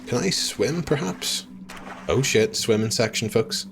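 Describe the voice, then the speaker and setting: A man streaming a game live, chatting with viewers, swearing freely and reacting loudly to what happens on screen. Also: medium pitch, expressive, measured pace, gravelly, over music. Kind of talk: live gameplay commentary.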